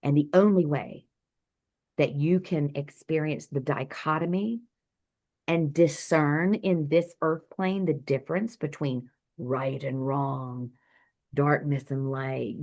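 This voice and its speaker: Low-pitched woman, doctor-healer guest, animated storyteller, video call. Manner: vivid, animated storytelling with acted quotes.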